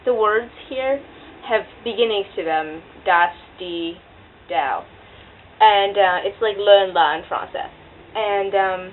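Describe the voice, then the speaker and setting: A woman's voice: mid-range voice, slow pace. A teenage girl rambling candidly in a casual video diary, recorded outdoors in a bus shelter. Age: teens. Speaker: exchange student vlogger. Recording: lo-fi tinny audio with loud outdoor noise.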